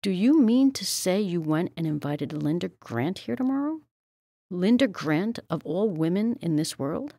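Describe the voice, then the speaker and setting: A woman reading aloud as a proud, bustling older spinster who talks briskly and fussily. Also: fairly low pitch, expressive, warm tone, no room sound, studio quality. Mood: dismayed. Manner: brisk, fussy, exclamatory.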